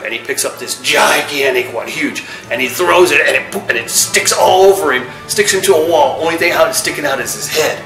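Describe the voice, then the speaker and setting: A man's voice: medium pitch, fairly quick, few pauses, pushed and bright, reverberant, faint music behind. A man hosting a casual talk show, retelling comic book jokes in a chatty storyteller's way. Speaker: host.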